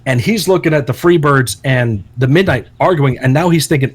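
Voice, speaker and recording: A man co-hosting a podcast, telling a long story in a casual, profane and animated way. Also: medium pitch, a little fast, hardly any pauses, husky. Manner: animated, profane, acts out quotes loudly. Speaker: podcast co-host.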